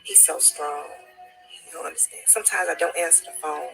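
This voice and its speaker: A woman speaking as a distraught grieving mother, halting and repeating herself, dropping to near-whispers and then rising again. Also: low-pitched, gravelly, fairly bright tone, soft background music, low-quality recording. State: distraught, on the edge of tears. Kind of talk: emotional personal testimony.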